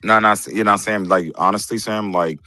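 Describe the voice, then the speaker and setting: A man's voice: fairly low pitch, steady tone, brisk, sharp tone, no echo, soft background music. A man hosting a loose, casual group chat, moderating the room and defending his own point. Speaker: host.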